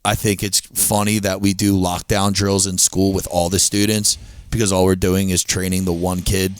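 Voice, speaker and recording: Low-voiced man with a Delco accent. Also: flat delivery, moderate pace, smooth, dry recording. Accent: Delaware County, Pennsylvania. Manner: rambling, profane storytelling with acted-out quotes. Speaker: podcast co-host, stand-up comedian. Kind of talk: casual podcast chat.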